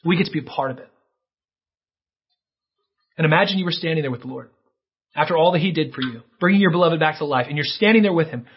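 A man preaching a sermon in a somewhat high, husky voice. He tells his story earnestly, rising sharply and then falling to a near hush. The recording sounds dull and lo-fi. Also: fast, pauses often. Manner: earnest, dramatic storytelling with sudden rises and hushed drops.

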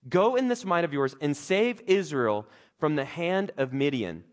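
A man preaching a sermon, acting out scripture characters with big swings in his voice. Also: measured pace. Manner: animated, acts out characters' lines with big pitch swings. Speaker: pastor.

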